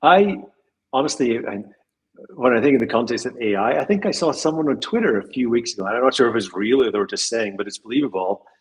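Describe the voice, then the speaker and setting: A man's voice: mid-range voice, lively intonation, quick pace, slightly rough, rough recording. A man who runs a tech company, speaking as an interview guest in a thoughtful, rambling way. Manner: thoughtful, rambling with restarts and small laughs. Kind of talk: casual interview conversation.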